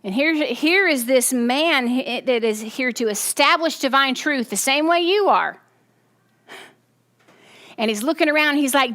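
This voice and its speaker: A woman preaching to a group, her voice sitting a little high. She is animated and keeps checking in with her listeners as she teaches. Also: measured pace. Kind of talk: sermon.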